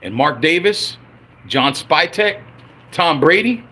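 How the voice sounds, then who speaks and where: Profane, heated husky man ranting. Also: sing-song, slow pace. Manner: profane, heated, swinging from loud outbursts to low grumbles. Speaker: livestreamer ranting about his football team. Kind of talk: angry unscripted livestream rant.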